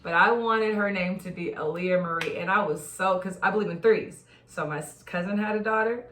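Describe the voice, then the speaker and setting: Lively Bay woman, echoey and distant. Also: medium pitch, a little fast, slight background noise. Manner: animated storytelling, bursts of laughter. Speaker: podcast host. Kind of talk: casual chat. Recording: echoey room, mic at a distance.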